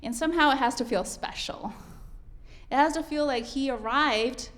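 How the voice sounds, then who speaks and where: A woman's voice: sits high, normal speed, fairly bright tone. A woman teaching a piano masterclass, coaching a student and singing rhythms aloud as she counts.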